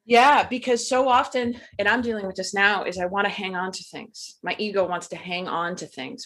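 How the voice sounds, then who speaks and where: A woman's voice: medium pitch, normal speed, few pauses, fairly bright tone. A woman co-hosting a casual podcast chat, talking in an earnest, reflective way and often trailing off mid-thought. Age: adult with a young daughter. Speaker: podcast co-host.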